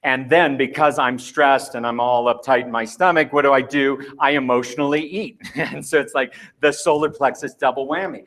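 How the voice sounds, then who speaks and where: A man's voice: medium pitch, steady tone, normal speed, fairly bright tone. Man, middle-aged, conference speaker, live talk, playful and candid, pokes fun at himself. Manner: playful, candid, self-mocking.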